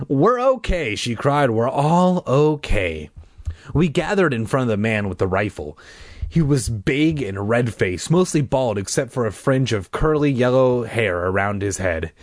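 A man reading a children's horror book aloud, dramatic, with shrieking high voices for the characters and offhand asides. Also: lively intonation, normal speed, no echo, clean studio sound. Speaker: reader.

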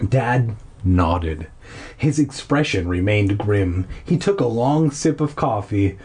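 A man's voice: on the low side, lively intonation, slow, darkish tone, breathy edge. A man casually reading a children's novel aloud, irreverent and laughing at his own slips. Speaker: reader of a children's horror novel. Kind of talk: casual audiobook reading with jokey asides.

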